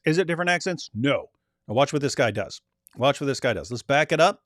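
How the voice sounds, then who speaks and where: A man's voice: fairly high pitch, lively intonation, a little fast, a bit bright, no echo, clean studio sound. A man giving emphatic commentary over replayed clips, asking rhetorical questions and repeating his points. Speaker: commentator reacting to street debate clips.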